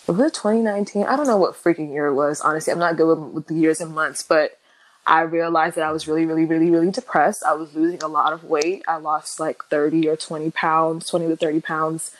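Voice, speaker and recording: Young woman sharing her story, halting. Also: low voice, rough recording. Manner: halting, many fillers and restarts, animated when quoting others. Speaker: guest. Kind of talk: candid personal interview.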